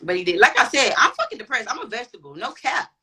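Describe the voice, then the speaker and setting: A woman speaking as a podcast guest with a bright, forceful voice. Her talk is blunt and emphatic, full of slang and profanity. She tells a personal story in a loose, chatty way. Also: fairly high pitch, very animated, fast, slightly rough, rough recording. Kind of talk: casual storytelling chat.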